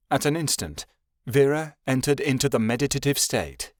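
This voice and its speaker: A man reading a fantasy audiobook as narrator, in a steady, measured way. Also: medium pitch, no room sound, clean studio sound. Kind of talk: scripted narration.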